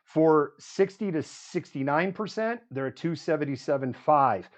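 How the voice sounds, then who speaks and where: A man's voice: a little high, lively intonation, a little slow. A man hosting a live news show, reeling off statistics with frequent "um"s and running commentary. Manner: reels off statistics with frequent fillers.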